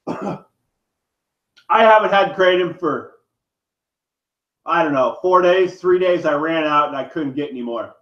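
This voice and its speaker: A man's voice: fairly high pitch, animated, slow, long pauses. A man vlogger in pain, delivering a heated, profane, rambling rant to the camera. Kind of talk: angry direct-to-camera rant. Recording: echoey room, dull lo-fi sound.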